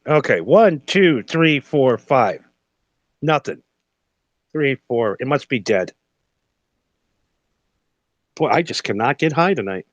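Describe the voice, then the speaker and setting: A man's voice: mid-range voice, sing-song, slow pace, pauses often, no room sound, dull audio. A man co-hosting a casual comedy podcast, sarcastic and easily exasperated, laughing often. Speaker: podcast co-host. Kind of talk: casual stoner comedy chat.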